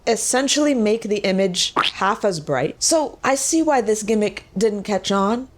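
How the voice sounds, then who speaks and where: A woman giving casual, joking gameplay commentary with quick, excitable exclamations. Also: medium pitch. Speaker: gaming video creator.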